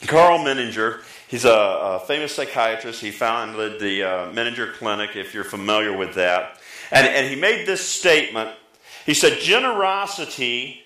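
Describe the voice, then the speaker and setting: Man, middle-aged pastor, sermon, bright tense voice, echoey hall, lively emphasis. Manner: lively, pitch jumping up for emphasis, talks back and forth with the congregation.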